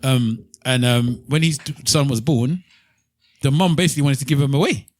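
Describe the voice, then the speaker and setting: A man's voice: mid-range voice, moderate pace, no echo, studio quality. A man co-hosting a casual podcast chat, arguing his points and repeating words while he searches for them. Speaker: podcast co-host.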